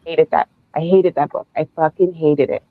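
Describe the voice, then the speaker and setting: A woman's voice: sits low, steady tone, normal speed, no room sound. Book club host, woman, blunt and profane, tinny dry call audio. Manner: blunt, profane and emphatic when ranting. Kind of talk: casual podcast discussion. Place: remote video call. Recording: tinny phone-like dry sound.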